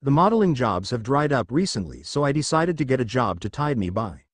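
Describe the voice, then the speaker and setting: A man's voice: medium pitch, big pitch swings, brisk, no echo. Brief: nonchalant teasing wife, read by a man, dry close sound. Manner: sassy, nonchalant. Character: playful, teasing young wife.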